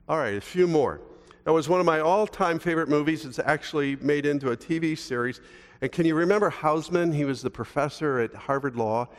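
An older male pastor delivers a sermon in a relaxed, conversational way and keeps asking the congregation questions. His voice sits at a middle pitch. A long reverb from a large church hall carries every phrase.

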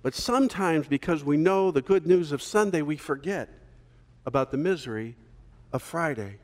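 A man preaching a sermon as pastor, telling a story in a relaxed conversational way with small fillers. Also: on the high side, moderate pace, big-room sound.

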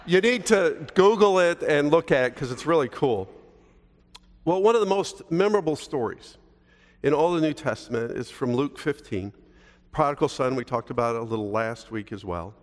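Older preacher with folksy, chatty delivery. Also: male voice, fairly high pitch, animated, moderate pace. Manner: conversational and folksy, asks the congregation questions. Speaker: pastor. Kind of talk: sermon. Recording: long reverb of a large hall.

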